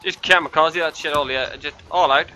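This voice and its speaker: A man giving loud, profane, excitable commentary over his own gameplay and yelling at opponents. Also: a little high, brisk. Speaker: gaming commentator.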